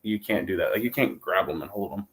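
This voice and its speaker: A man's voice: sits low, animated, fast talker, a bit bright. An American man hosting a livestream, chatting casually and rambling, with frequent laughs. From United States. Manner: easygoing, rambling, laughs often. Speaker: host.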